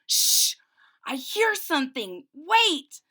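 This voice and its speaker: A curious, daring young girl in a storybook, urgent and bossy as she pushes her friends forward, voiced by a woman reading aloud. The voice is high and bright with lively swings. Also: slow pace, exaggerated voice. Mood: hushed urgent. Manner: eager, urgent, bossy hushing.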